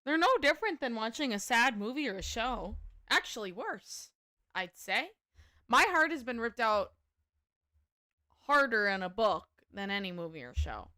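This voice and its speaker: A woman hosting a livestream, chatting casually and telling stories in an animated, profane way. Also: a little high, normal speed, no room sound, studio quality. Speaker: livestream host. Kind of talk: casual chat while gaming.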